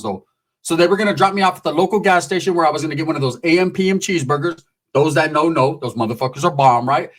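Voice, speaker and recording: Profane, animated high-voiced storyteller. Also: male voice. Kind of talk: comedic storytelling.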